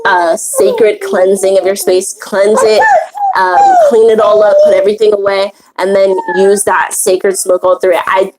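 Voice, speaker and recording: A woman's voice: mid-range voice, expressive, a little slow, heavy background noise. A woman hosting a women's spiritual circle, teaching in a casual, rambling way with many fillers and restarts and easy laughs.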